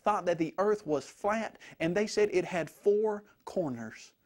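A man's voice: high voice, animated, unhurried. A man voicing a confident, dismissive science teacher addressing his class in a matter-of-fact tone. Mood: smug.

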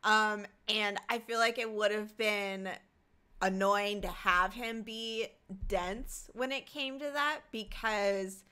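A woman's voice: mid-range voice, slow, pushed and bright, smooth. A woman co-hosting a podcast, talking casually and eagerly about a manga. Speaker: podcast co-host. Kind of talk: casual book club chat.

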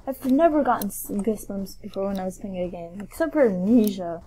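A woman's voice: medium pitch, expressive, a little fast, warm tone, slight background noise, rough recording. A woman hosting a let's play of a horror game, talking to herself in a jumpy, nervous way and crying out often. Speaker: gaming channel host.

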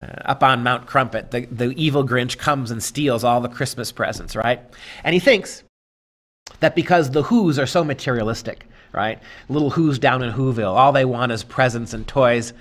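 A man giving an emphatic, preacherly lecture, moving between forceful stresses and hushed read-aloud passages from a story. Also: medium pitch, moderate pace.

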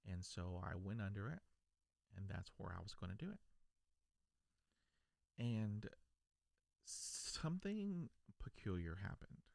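A man's voice: fairly low pitch, expressive, takes it slowly, gravelly, long pauses, darkish tone, no room sound, clean studio sound. A man from South Texas who stutters, telling his own story to camera in an earnest, reflective way. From South Texas, USA. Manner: stutters, with repeated words and broken starts. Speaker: video creator.

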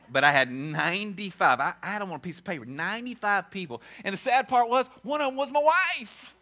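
A man preaching a sermon as pastor, emphatic and repetitive, swinging from shouted lines to quiet asides. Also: on the high side. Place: church sanctuary.

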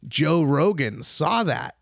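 Higher-voiced podcast co-host, dry close mic. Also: male voice, lively intonation, takes it slowly, creaky, no room sound. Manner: laid-back storyteller, trails off and restarts. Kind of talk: casual chat.

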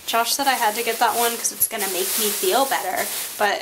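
A woman vlogging on a handheld camera, chatty and laughing often, her voice hoarse from a cold. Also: a little high, a little fast, background noise. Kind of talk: casual travel vlog.

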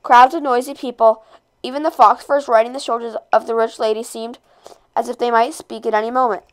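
A woman reading a novel aloud, expressive, with occasional slips and rereads. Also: fairly high pitch, a little fast. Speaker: read-aloud narrator.

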